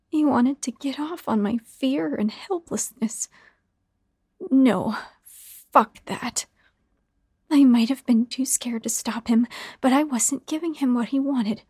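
A woman narrating a first-person horror story in a hushed, half-whispered delivery. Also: fairly high pitch, breathy edge, dry recording, studio quality.

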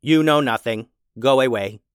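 A man's voice: medium pitch, moderate pace, clean tone, dry recording, clean studio sound, natural voice. Man doing a curt dismissive robot.

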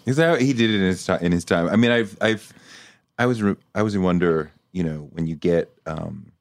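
A man's voice: deep voice, fairly quick, no room sound. A man interviewing a guest, asking thoughtful, empathetic questions in a conversational way.

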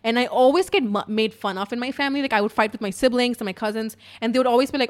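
A woman hosting a podcast, telling a story in a casual, profane, chatty way with lots of fillers, going from loud to hushed. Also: a little high, fast talker, hardly any pauses. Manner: animated, swinging between loud and hushed. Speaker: podcast host.

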